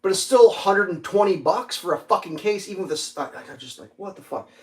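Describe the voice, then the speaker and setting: A man with a high-pitched voice chats loosely on a livestream, rambling through a story. He swears freely and leans on fillers and restarts as he talks. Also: expressive, brisk. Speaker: livestream host. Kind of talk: casual livestream chat.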